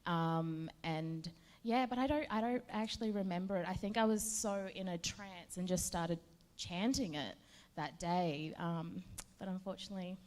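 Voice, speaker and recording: A woman's voice: on the low side, normal speed, darkish tone, big-room sound. A woman on a convention panel answering a fan's question hesitantly. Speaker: actor panelist.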